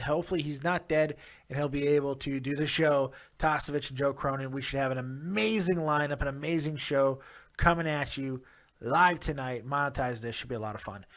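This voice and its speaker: A man with a fairly high voice hosts a casual review vlog. He talks straight to his viewers, upbeat and rambling. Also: moderate pace, fairly bright tone. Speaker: wrestling show reviewer, host.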